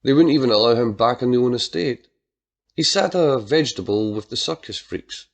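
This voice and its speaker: A man's voice: medium pitch, animated, fairly quick, vocal fry. Man narrating a gritty crime story. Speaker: audiobook narrator.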